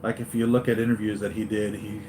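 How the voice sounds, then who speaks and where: A man hosting a live stream for his toy-collector channel, chatting excitedly and going off on tangents, with lots of fillers and restarts. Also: fairly low pitch, fast, a little hiss or hum. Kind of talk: rambling live-stream fan chat.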